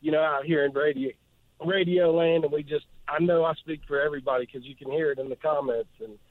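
A man from northeast Georgia, calling in to a radio show and speaking earnestly, with many pauses and fillers. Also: on the high side, fairly even intonation, no echo. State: emotional. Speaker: caller. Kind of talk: call-in radio chat. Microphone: phone. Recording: tinny phone line, dry.

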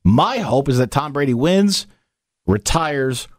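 A man's voice: mid-range voice, very animated, slow, dry recording, clean studio sound. A man hosting a casual podcast, chatting and rambling animatedly with his co-host. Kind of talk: casual chat.

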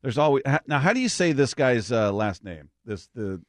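A man's voice: mid-range voice, sing-song, moderate pace, no echo, studio quality. A middle-aged man hosting a sports radio show in casual chat, laughing easily and plugging the text line. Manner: chatty, laughs often, reads the text line. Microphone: studio microphone.

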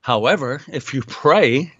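A man's voice: medium pitch, lively intonation, measured pace, a bit bright, breathy edge, no room sound. A man giving blunt, sarcastic political commentary as a guest, full of uh fillers, heard over a remote line. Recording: dull lo-fi dry line.

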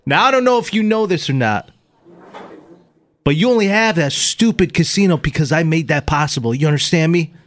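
Guy doing a threatening mob heavy, fake italian-american, bright and sharp, wild swings up and down. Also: a little high, lively intonation, brisk, a little hiss or hum. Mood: menacing. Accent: Italian-American imitation. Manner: loud, menacing, clipped. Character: hot-tempered male mobster, threatening. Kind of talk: comic movie-scene reenactment.

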